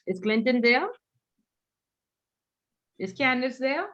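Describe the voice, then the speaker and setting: A woman's voice: high-pitched, slow pace, lo-fi sound. Woman instructor telling stories animatedly. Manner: animated, acts out quoted voices. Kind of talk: online class lecture with storytelling.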